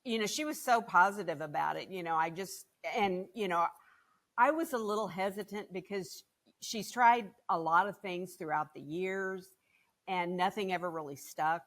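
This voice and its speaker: A woman's voice: on the low side, normal speed, a bit bright. An older woman, a guest on a podcast, telling a family story in a chatty way with many fillers. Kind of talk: casual storytelling.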